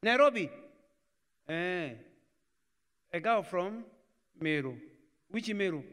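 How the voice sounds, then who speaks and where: A man's voice: sits high, lively intonation, takes it slowly, a bit bright. A man with a Kenyan accent preaching to young people, mixing Swahili phrases into his English and acting out family conversations. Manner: mixes Swahili into English, acts out family dialogues. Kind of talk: sermon. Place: church hall. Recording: church live stream with long reverb.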